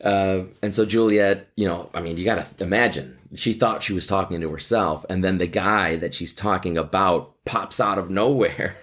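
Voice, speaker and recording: A man's voice: low-pitched, normal speed, few pauses, fairly bright tone. A man hosting a podcast and teaching, casually explaining a play in a playful, chatty way with jokes.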